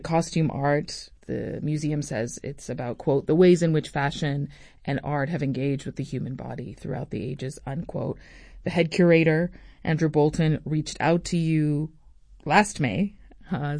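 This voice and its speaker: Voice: medium pitch, moderate pace, a little mellow, no room sound, clean studio sound. A news interviewer asking probing questions, with small restarts along the way.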